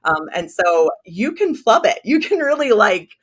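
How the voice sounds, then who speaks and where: A woman's voice: medium pitch, sing-song, unhurried. A woman whose first language is Spanish, chatting as a guest on a podcast in a self-deprecating, filler-heavy way. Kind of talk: casual podcast conversation.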